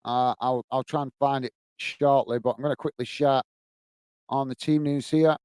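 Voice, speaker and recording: A man's voice: medium pitch, fairly even intonation, normal speed, darkish tone, smooth, no room sound. A man hosting a football watch-along stream, chatting casually and reading out viewer comments to answer them. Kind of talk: live-stream casual chat.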